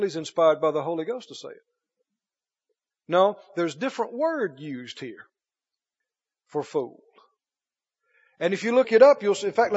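A male preacher giving a sermon, emphatic and swinging between loud and hushed. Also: high-pitched, husky. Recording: dull echoey hall recording.

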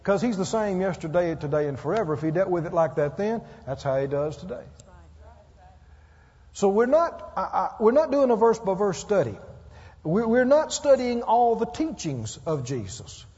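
A man's voice: sits high, very animated, normal speed, a little mellow. A man preaching a sermon, emphatic and calling out for amens from his listeners. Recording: muffled roomy hall.

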